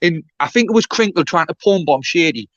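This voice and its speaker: A man's voice: on the high side, animated, fairly quick, fairly bright tone, no echo. A Geordie man on a live stream, rambling and blunt, swearing often and mocking himself in casual banter. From North East England. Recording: dry, dull lo-fi stream audio.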